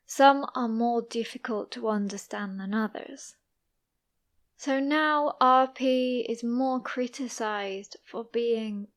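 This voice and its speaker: A young woman with an East Midlands English accent, giving a careful, slow English listening lesson as a podcast host. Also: on the high side. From East Midlands, England. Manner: careful, deliberate pronunciation. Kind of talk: slow, clear teaching monologue for English learners.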